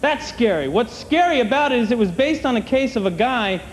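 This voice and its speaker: A man working a comedy club crowd with a wry, chatty stand-up set, his voice sitting high for a man. The stage mic carries a long hall reverb, with clear room noise underneath. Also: expressive. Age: older than 30. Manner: wry, conversational, acts out quick bits in other voices.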